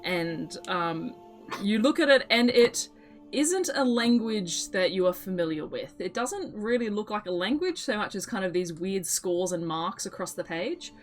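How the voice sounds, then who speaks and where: A woman's voice: mid-range voice, animated, measured pace, soft background music. A woman narrating a tabletop role-playing game as game master, chatty and giggly with lots of filler words.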